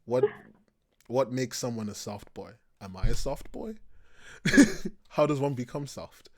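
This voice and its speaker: A man's voice: medium pitch, moderate pace, dark tone. A man hosting a podcast over a call, rambling and joking and laughing a lot in casual chat. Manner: jokey, rambling, laughs often. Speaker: podcast host.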